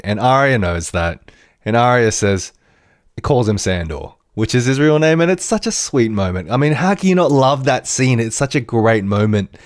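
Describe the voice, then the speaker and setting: Brief: male podcast host, chatty animated reviewer, rambling, dry recording. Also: mid-range voice, no room sound. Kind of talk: casual TV episode review.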